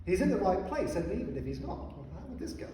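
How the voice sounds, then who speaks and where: Brief: male storybook narrator, slightly high, recorded distant with long reverb and faint background hiss. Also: fast talker. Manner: expressive, animated reading. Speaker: narrator reading a children's story. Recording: echoey hall, voice heard from afar, faint noise.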